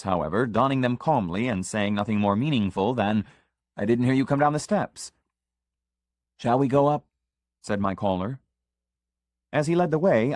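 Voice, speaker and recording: A man narrating a literary short story in the first person, measured and reflective. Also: medium pitch, no echo, clean studio sound. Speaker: audiobook narrator.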